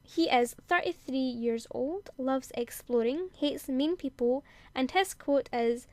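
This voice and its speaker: A woman's voice: high-pitched, slow, few pauses, dry recording. A young woman hosting a gaming video, reading character bios aloud, giggling and tripping over words. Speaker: gaming channel host.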